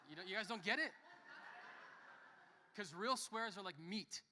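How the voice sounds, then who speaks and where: Young guy pastor giving a sermon, super bright sharp voice, lots of hall echo. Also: sits high, a little slow, a little hiss or hum. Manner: lively, joking storyteller who shifts between soft and loud. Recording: long reverb of a church hall.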